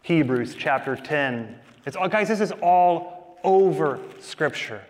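A man preaching a sermon in a dramatic way, rising to loud declarations and dropping to near whispers. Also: a little high, animated, slow pace, big-room sound. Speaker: pastor.

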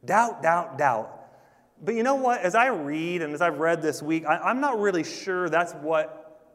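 Male pastor, fairly high voice, earnest emphatic preaching, long reverb of a church sanctuary. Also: lively intonation, moderate pace, a bit bright. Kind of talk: sermon.

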